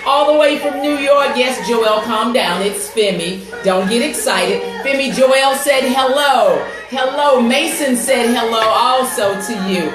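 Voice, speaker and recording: A woman's voice: a little high, measured pace, few pauses, echoey room. Upbeat woman hosting a live stream. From United States. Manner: upbeat, greets viewers by name. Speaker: host and life coach. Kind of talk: live-streamed talk show. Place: home setup with computer.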